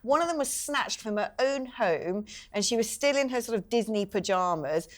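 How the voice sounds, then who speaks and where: A woman on a talk panel, telling stories in an indignant, animated way. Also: a little high, moderate pace. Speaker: panel guest. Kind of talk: panel show chat.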